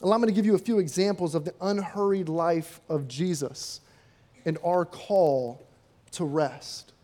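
A male preacher delivering a sermon in an easy, conversational way. He often asks rhetorical questions and slips into acted-out quotes. His voice sits high for a man. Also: unhurried, mellow.

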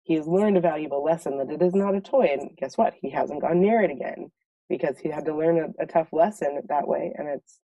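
A woman's voice: sits low, brisk, dark tone, dry recording, recorded from a distance, muffled recording. A woman parent telling stories emphatically and with exasperation in a casual group conversation. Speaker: parent in a discussion.

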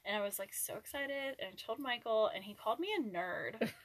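A woman's voice: a little high, brisk, dry recording, poor audio. A young woman co-hosting a podcast, chatting casually with a friend, giggling often and filling her talk with "like". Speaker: podcast co-host. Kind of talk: casual chat.

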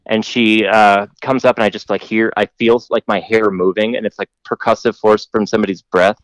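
A man's voice: lowish voice, flat delivery, fairly quick, no room sound, rough recording. A man hosting a podcast, telling a long story in a rambling, profane way full of fillers. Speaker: podcast host telling stories. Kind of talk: casual storytelling.

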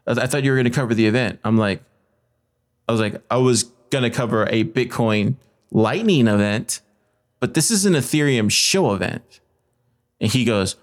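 A man's voice: mid-range voice, brisk. A man hosting a podcast, retelling a story in a heated, profane rant and acting out the other people's lines in quoted voices. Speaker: podcast host.

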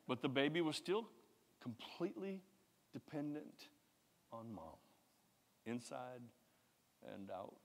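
A man preaching a sermon, emphatic and repetitive, swinging from loud to hushed. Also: medium pitch, very animated, takes it slowly, long pauses. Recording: long hall reverb.

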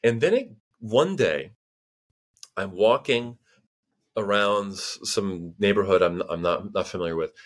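A man from the United States in his thirties, a guest on a casual interview, speaks in a fairly low voice. He tells stories in an animated way, full of fillers and restarts, and acts out other people's voices. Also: a little slow. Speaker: guest linguist.

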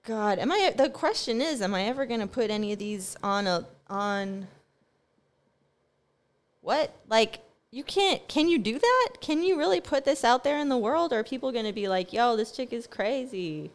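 A woman's voice: a little high, animated, normal speed. A young woman talks in a loose, rambling monologue. She is sarcastic, swears freely and laughs often as she goes. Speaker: vlogger.

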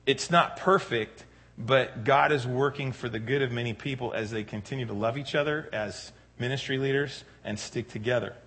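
A man's voice: mid-range voice, normal speed, a bit bright. A man preaching a sermon in a conversational way, with frequent fillers and retold dialogue. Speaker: pastor.

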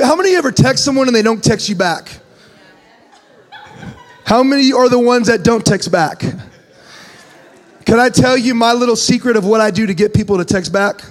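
A man preaching in a church sanctuary with a notably high voice. He jokes, tells stories and reads scripture aloud in an animated way, and a long hall reverb trails each phrase. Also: normal speed, long pauses. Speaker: pastor. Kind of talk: sermon.

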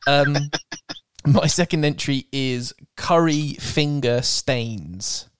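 A man's voice: medium pitch, slow, clean tone, no echo, studio quality. A man co-hosting a podcast, ranting casually about pet peeves, sweary and exasperated, laughing often. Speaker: podcast co-host. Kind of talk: casual comedic rant.

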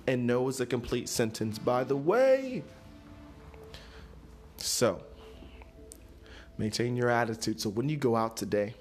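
A man hosting a solo motivational podcast, talking in an animated, playful way with sudden jumps in pitch. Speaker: podcast host.

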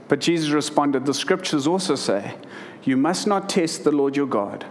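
A man's voice: a little high, brisk, slight background noise. A man in his thirties preaching a sermon, reading scripture and then telling a personal story earnestly, with emotion and frequent restarts. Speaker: pastor.

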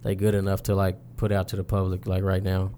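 A man's voice: deep voice, monotone, quick pace, dark tone, slight background noise. A man, a rapper, talking about his music in a loose, slangy interview chat. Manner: laid-back, slangy, loose storytelling. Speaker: rapper guest.

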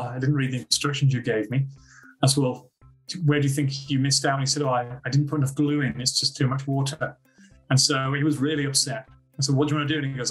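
An Australian man speaks in a medium-pitched voice, telling stories easily in a relaxed podcast interview. He acts out little quotes as he goes, and faint music plays underneath. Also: poor audio. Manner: animated anecdotes with acted-out quotes. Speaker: podcast guest, school principal. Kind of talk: casual interview storytelling.

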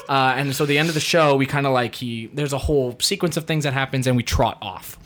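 Guy actor telling a story casually, laughs a lot, mid pitch. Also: a little fast. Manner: laughs often, lively anecdote.

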